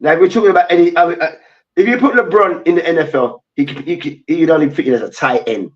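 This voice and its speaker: A man's voice: a little high, fast. Ranting man, muffled and distant. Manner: animated, swearing, slangy ranting. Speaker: co-host. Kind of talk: heated sports debate.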